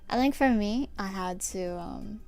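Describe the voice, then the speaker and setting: A young woman livestreaming from her desk at home, chatting casually with her viewers, giggling often and sometimes dropping to a soft whisper. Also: medium pitch, measured pace, smooth. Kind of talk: casual chat answering a live chat. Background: faint stream music.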